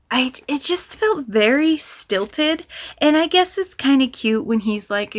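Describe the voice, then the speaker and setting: A woman's voice: a little high, a bit bright. Chatty woman reviewing a book. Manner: candid, chatty, frequent ums and likes. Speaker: book vlogger. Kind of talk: casual book review vlog.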